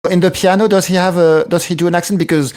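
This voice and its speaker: A man's voice: high voice, fairly even intonation, fast talker, darkish tone. Man who keeps asking "right?". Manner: keeps checking in with tag questions. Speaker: podcast co-host. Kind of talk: casual film discussion.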